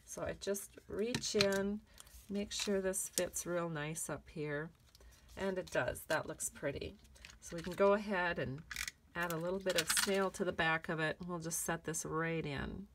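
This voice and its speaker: Speaking unhurriedly in a voice on the low side, a woman demonstrates a card-making technique, staying chatty and encouraging at every step. The recording is very noisy.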